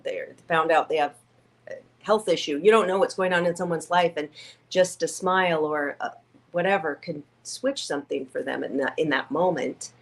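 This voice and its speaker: A woman speaking as an interview guest, her voice sitting a little low. She tells her story with feeling, slipping into the voices of people she quotes, and sounds near tears. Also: normal speed. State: tearful. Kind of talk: conversational interview.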